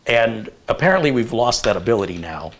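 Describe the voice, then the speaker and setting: A man in his fifties hosting a casual live chat, telling stories in an animated, rambling way with lots of fillers. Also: medium pitch, brisk. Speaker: host.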